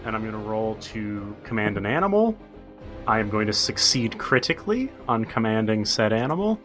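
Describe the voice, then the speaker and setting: A man playing a tabletop game, wisecracking with a lively, swooping voice. Music plays clearly behind him. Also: fairly low pitch, normal speed. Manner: playful, wisecracking. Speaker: player. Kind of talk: casual chat at a tabletop game.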